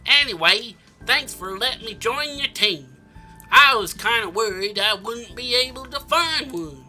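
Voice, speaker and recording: Slow-talking man with a wobbly put-on accent. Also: very high-pitched, animated, pushed and bright, faint music behind. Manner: rambling, joking in a shifting put-on accent. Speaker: gaming channel host. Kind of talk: comic game playthrough reading.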